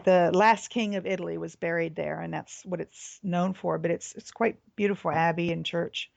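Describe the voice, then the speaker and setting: A woman's voice: lowish voice, fairly even intonation, normal speed, vocal fry, no echo, highs cut off. A woman who runs a tour company, chatting casually as a guest and listing items with many fillers. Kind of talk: casual chat.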